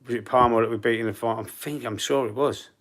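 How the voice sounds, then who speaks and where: A man's voice: medium pitch, steady tone, fast talker, a bit bright. A man with a Cockney London accent, chatting casually and rambling on a live football fan stream, reading out the chat.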